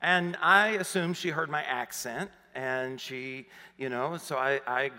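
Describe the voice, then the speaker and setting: A man in his fifties from Arkansas with a Southern accent, preaching a sermon, rising to emphatic questions and dropping low for personal stories. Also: unhurried, pushed and bright, clear, resonant tone, in a large hall. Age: 50s. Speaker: pastor. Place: large church hall.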